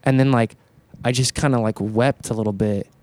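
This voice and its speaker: A man hosting a casual podcast conversation, telling an animated story, swearing freely and stumbling over repeated words as he talks. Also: mid-range voice, moderate pace. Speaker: podcast host.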